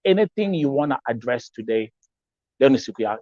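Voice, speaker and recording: Animated and brisk, this mellow, medium-pitched man hosts a live-stream talk show in Kenyan English. Emphatic and repetitive, he weaves Swahili phrases in and reads out comments from viewers. The audio is dry and lo-fi.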